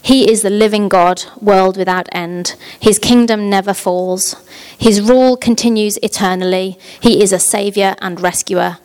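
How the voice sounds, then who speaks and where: A woman reading a long scripture passage aloud in church, steady and expressive, with small slips and restarts. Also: medium pitch, normal speed, clear, resonant tone. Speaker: scripture reader.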